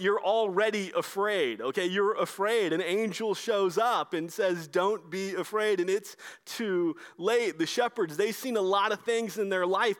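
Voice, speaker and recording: A man preaching a sermon in a conversational way, moving between brisk stretches and slow, emphatic lines. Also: high-pitched, a bit bright. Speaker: pastor.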